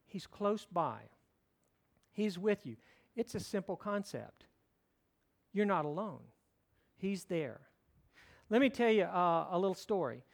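Middle-aged guy preaching, pretty high voice, chatty and joking, tells stories. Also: very animated, slow pace, creaky, long pauses. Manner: conversational preaching with humor and storytelling. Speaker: pastor. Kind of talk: sermon.

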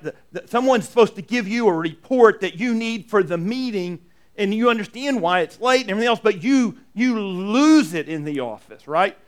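A man preaching a sermon, telling a personal story with animated, restart-heavy delivery. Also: high voice. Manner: animated storytelling, acts out inner dialogue; many restarts and repeated "and". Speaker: pastor.

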